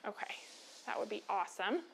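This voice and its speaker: A woman's voice: mid-range voice, animated, brisk, vocal fry, slight background noise. An American woman hosting a quilting lesson, chatty and encouraging, with frequent filler ums. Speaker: quilting show host. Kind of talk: live online quilting lesson.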